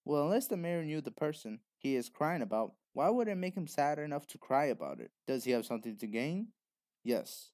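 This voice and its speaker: A man's voice: on the high side, a little mellow, no room sound, studio quality. A man delivering an opinionated commentary monologue, talking bluntly and lecturing the viewer directly. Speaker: video essayist.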